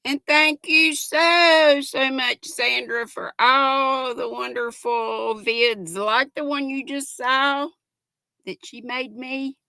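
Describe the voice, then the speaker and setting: A woman's voice: fairly high pitch, steady tone, slow, vocal fry, sharp tone, no echo, studio quality. An older woman hosts a casual livestream, reading viewers' chat in a giggly, folksy way. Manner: chatty, giggly, folksy, talks to viewers as "y'all". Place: at home.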